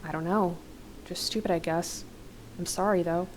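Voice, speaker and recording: A woman reading the part of a quiet, grieving father in soft plain dialogue. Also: high voice, steady tone, moderate pace, a little hiss or hum, close to an everyday voice. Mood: wistful.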